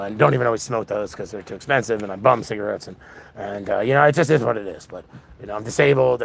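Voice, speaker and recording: An exhausted man around forty rushes through a rambling monologue, his voice gravelly and low-edged. He jumps between thoughts, restarts sentences and piles on fillers. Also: slight background noise. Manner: fast, scattered, many restarts and fillers. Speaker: independent political livestreamer. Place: outdoor punk festival.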